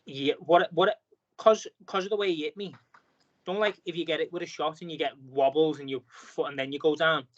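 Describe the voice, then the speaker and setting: A man's voice: fairly high pitch, steady tone, fairly quick, dull audio. A man, a boxer appearing as a guest, talking casually on a podcast and telling a long story packed with fillers and restarts. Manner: rambling storytelling with many fillers.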